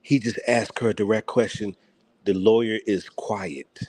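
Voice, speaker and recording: A man's voice: lowish voice, steady tone, measured pace, darkish tone. A man hosting a reaction commentary, talking emphatically and often breaking into mocking laughter. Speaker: host.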